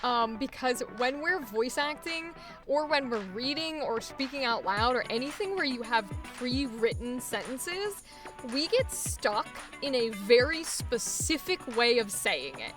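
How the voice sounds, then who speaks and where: A woman voice acting coach explaining technique in an animated way, laughing often. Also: a little high, unhurried, music in the background. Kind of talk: coaching session.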